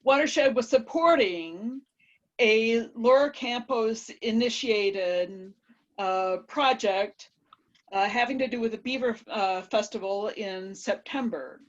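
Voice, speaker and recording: A woman speaking at a board meeting over a video call, halting with fillers before pressing a pointed question. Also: on the high side, dull audio. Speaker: board member. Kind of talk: virtual board meeting remarks.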